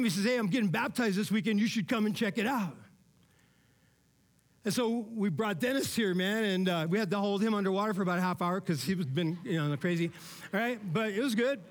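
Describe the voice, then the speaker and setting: High-voiced man preaching casually. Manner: casual, conversational preaching with frequent "man" and "all right?"; swings between loud emphatic bursts and quiet low asides. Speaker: pastor. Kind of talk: sermon.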